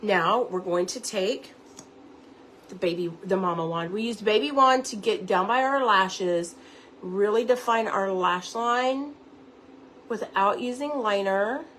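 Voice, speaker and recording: A woman's voice: medium pitch, a little slow, a bit bright, a little hiss or hum. A woman giving a chatty live makeup tutorial at home, talking viewers through each step. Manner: chatty, instructive, addresses viewers directly. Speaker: makeup seller and beauty teacher.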